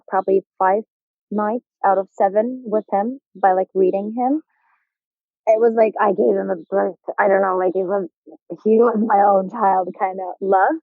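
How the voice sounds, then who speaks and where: Guesting on a podcast, a young Turkish woman with a mid-range voice and Turkish accent tells a lively story in a casual interview, mimicking the voices of the characters and laughing frequently. Her audio comes through a dry, tinny phone-like line without echo.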